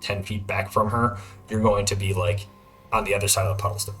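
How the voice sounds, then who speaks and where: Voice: low-pitched, fairly even intonation, fairly quick, a bit bright, soft background music. A game master narrating a tabletop game in a loose, hesitant way, with many fillers.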